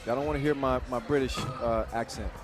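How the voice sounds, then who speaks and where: A man calling a basketball game live, quick and jokey, with excited bursts on big plays. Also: mid-range voice. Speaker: play-by-play commentator. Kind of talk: live sports commentary. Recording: commentary over loud arena music and crowd.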